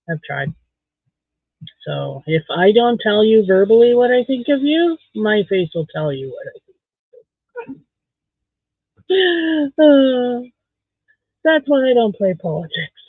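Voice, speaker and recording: A man's voice: on the high side, no room sound. A man from Canada chatting casually on a livestream while beading, giving blunt, candid opinions. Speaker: livestream host. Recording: tinny phone-like dry sound.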